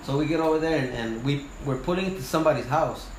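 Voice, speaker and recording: A wildland firefighter and sawyer tells a story in casual conversation, animated and swearing freely as he imitates the people he quotes. He talks quickly at a fairly high pitch, in a roomy recording with faint noise.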